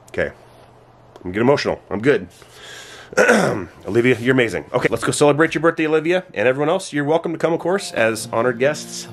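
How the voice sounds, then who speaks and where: A man's voice: mid-range voice, lively intonation, fast talker, slight background noise. A man in his thirties, a father talking to the camera in a casual family vlog, earnest, repeating words as he gets emotional. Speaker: vlogger, father. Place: home in Alaska.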